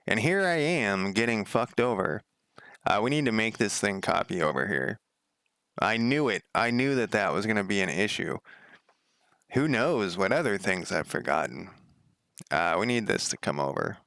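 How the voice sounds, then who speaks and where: A man's voice: on the low side, big pitch swings, moderate pace, creaky, a bit bright, smooth, no echo, clean studio sound. A young man casually thinking aloud while coding on a stream, muttering to himself with wry asides and the odd swear. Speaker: game developer streaming.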